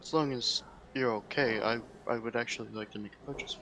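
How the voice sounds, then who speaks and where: A man's voice: mid-range voice, fairly even intonation, a little fast, pushed and bright, a little hiss or hum, poor audio. A man playing a hesitant, polite hulking adventurer. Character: large intimidating adventurer, politely gentle.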